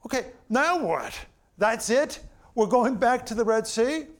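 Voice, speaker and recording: Man acting out a grumbling israelite guy, high whiny voice, indignant, complaining. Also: very animated, unhurried, full character voice.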